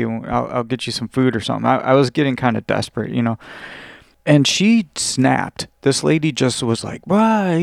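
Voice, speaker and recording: A man's voice: mid-range voice, gravelly, no echo, clean studio sound. A man hosting a podcast, telling a personal story in a rambling, casual way full of "like" and restarts. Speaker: podcast host.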